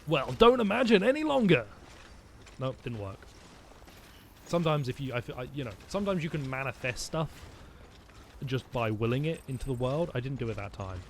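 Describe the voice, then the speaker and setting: A man's voice: medium pitch, expressive, a little fast. Brief: male streamer, mid-range voice, rambling comic commentary over gameplay, faint hiss behind. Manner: rambling, joking, talks to his chat. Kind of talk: let's-play commentary.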